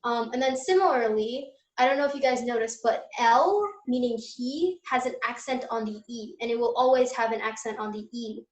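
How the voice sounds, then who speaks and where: A young woman runs an online Spanish lesson, walking students through each point with a patient, step-by-step manner and plenty of fillers. Her voice sits a little high, and the room around her rings with echo. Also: moderate pace, few pauses. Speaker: Spanish tutor. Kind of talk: online class teaching.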